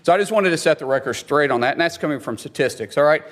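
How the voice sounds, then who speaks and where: A man's voice: fairly high pitch, expressive, very fast. A man questioning a witness at a hearing, combative and reading quotes aloud. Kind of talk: hearing confrontation.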